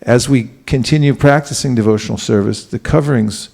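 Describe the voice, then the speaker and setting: Gravelly, mellow-voiced man teaching. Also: mid-range voice, brisk. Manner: relaxed, asks the audience questions, chuckles. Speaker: spiritual teacher giving a class. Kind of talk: conversational sermon.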